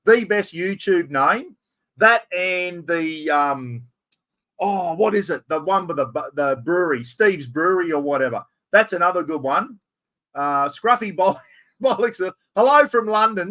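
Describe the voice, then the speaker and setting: A man's voice: sits high, bright, forceful tone. An Australian man hosting a casual live stream, rambling, laughing and greeting viewers by name. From Queensland, Australia. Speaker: livestream host.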